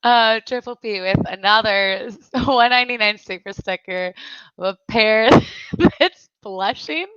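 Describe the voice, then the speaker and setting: A woman's voice: medium pitch, fairly even intonation, bright, forceful tone, clean tone, no echo. A woman hosting a casual livestream chat, laughing often as she reads out viewer messages. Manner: giggly, laughs often while reading chat; slow, unhurried speech. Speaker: livestream host. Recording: dry, slightly dull lo-fi sound.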